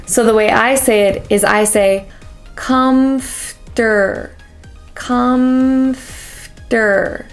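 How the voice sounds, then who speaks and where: A woman with an American accent teaching pronunciation as a coach, drilling each word slowly and carefully with many repeats. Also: mid-range voice. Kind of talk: pronunciation lesson.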